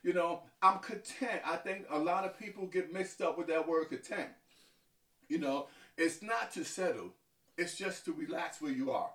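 A man from Harlem, New York, a deacon giving halting interview answers that often stumble and repeat words. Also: on the high side, a bit bright. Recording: echoey, from far off.

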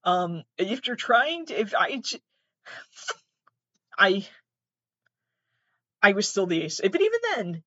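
A young woman, a podcast host, rambles slowly through a self-mocking story in a casual monologue, swearing freely, restarting sentences and pausing often. Her medium-pitched voice has lively intonation and a fairly bright tone, though the dry, close recording with no echo leaves it slightly dull and muffled.

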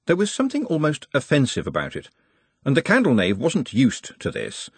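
Husky, very expressive male narrator. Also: mid-range voice, normal speed, dry recording. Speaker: audiobook narrator. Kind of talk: scripted narration.

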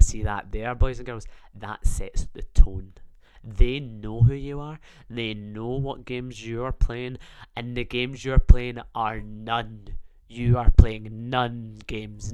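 A man's voice: medium pitch, steady tone, takes it slowly, a little mellow, clean tone. A man delivering a profane, rambling, jokey rant to his stream audience. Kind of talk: comedic rant.

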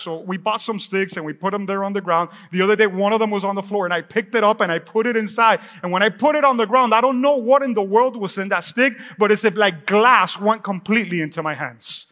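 A man preaching a sermon as the pastor, in a lively, conversational way, with asides and questions to his congregation. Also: high voice. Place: church sanctuary. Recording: echoey church hall.

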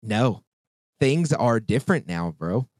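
A man's voice: medium pitch, big pitch swings, slow pace, a little mellow, no echo. A man in his thirties, hosting a podcast in casual chat and telling a story in a heated, profane rant. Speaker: podcast host.

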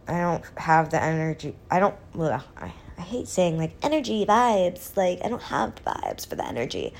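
A woman in her twenties chatting casually as a vlogger, stoned and laid-back, with vocal fry in a rambling, quiet delivery. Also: fairly low pitch. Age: 20s. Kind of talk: casual chat.

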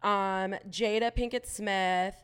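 A woman's voice: mid-range voice, steady tone, takes it slowly, clean tone. A hungover woman co-hosting a casual pop-culture podcast, chatty and teasing her co-host.

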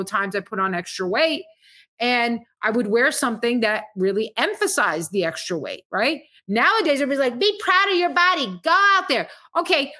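High bright-voiced woman, emphatic storyteller. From Montenegro. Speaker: guest comedian. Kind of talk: casual podcast chat.

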